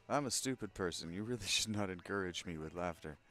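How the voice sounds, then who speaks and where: A man's voice: low-pitched, sharp tone. A man playing through a video game, chatting and cracking crude, self-mocking jokes. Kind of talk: casual let's-play commentary.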